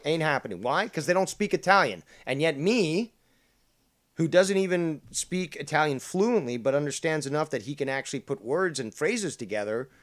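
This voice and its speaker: A man's voice: fairly high pitch, expressive, moderate pace. A man from Canada hosting a heated panel argument, smug and profane as he lectures the others. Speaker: show host.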